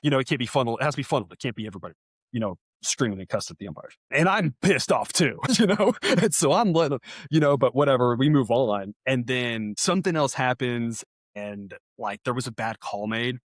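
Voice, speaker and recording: A man co-hosting a sports podcast, telling a story in a casual, animated way and laughing as he goes. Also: mid-range voice, brisk, no echo, studio quality. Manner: animated, laughing, voice jumps when reenacting yelling. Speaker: podcast co-host.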